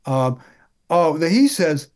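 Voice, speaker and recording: A man talking politics in a casual chat, wry and halting, with many restarts. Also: a little high, big pitch swings, darkish tone.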